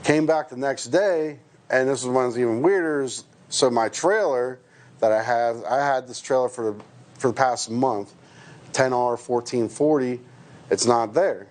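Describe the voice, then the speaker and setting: A man's voice: medium pitch, unhurried. Hesitant American truck driver telling his story. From United States. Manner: hesitant, full of restarts and fillers. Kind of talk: personal account to camera.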